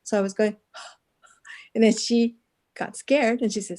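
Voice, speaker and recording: A woman's voice: a little high, measured pace, long pauses, darkish tone. A woman from Guatemala, a guest telling a personal story in a casual interview, earnest and often laughing, with many restarts.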